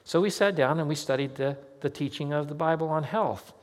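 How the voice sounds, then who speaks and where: A man's voice: fairly high pitch, brisk. A male pastor preaching a sermon, telling a personal story in a conversational way and acting out the dialogue. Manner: conversational, anecdotal, acts out quoted dialogue. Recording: long hall reverb.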